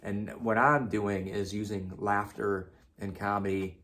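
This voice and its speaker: A man's voice: on the low side, level tone, unhurried, a bit bright. A man giving an emphatic spiritual self-help monologue, repeating himself and swearing casually. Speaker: motivational speaker.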